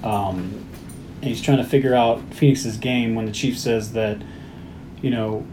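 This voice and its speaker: A man co-hosting a movie podcast, walking through the plot in a steady, casual recap. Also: lowish voice, a little slow, a little hiss or hum. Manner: steady plot-summary delivery.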